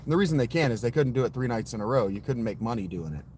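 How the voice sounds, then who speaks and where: Animated, profane man reacting to songs. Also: medium pitch, very fast, a little hiss or hum. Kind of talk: casual chat reacting to music.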